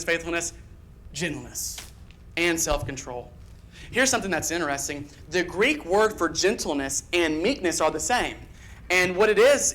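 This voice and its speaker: A man preaches a church sermon in an earnest, emphatic voice. He pushes ahead in quick bursts and leans on repeated phrases to drive each point home. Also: high-pitched, fairly bright tone. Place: church sanctuary.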